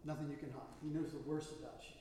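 A man's voice: fairly high pitch, level tone, fast, warm tone, a little hiss or hum. A man as pastor, preaching a sermon in a church with storytelling that rises to emphatic bursts. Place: church sanctuary. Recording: echoey hall from far off.

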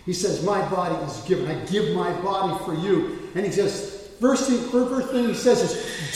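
A man preaching a sermon as pastor, moving between quiet asides and emphatic quoted lines. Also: sits high, moderate pace. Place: church sanctuary. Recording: echoey hall, voice from far off.

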